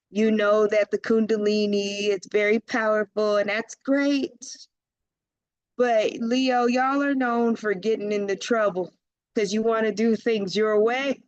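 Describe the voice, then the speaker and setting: Lady doing a chill tarot reading, slow and laid back, laughs a lot, dry sound. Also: medium pitch, dry recording, highs cut off. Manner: chatty, laughs often, slangy asides. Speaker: tarot reader.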